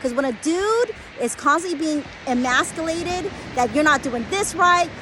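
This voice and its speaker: A woman's voice: sits high, expressive, moderate pace, noisy background. A woman in her forties, an acupuncturist, giving blunt, emphatic advice through a conversational story.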